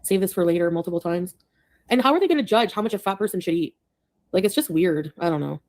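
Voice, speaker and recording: A woman's voice: lowish voice, lively intonation, fast, a little mellow. A woman talking casually on her own livestream, defending herself in a defensive, dismissive way. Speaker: streamer being commented on.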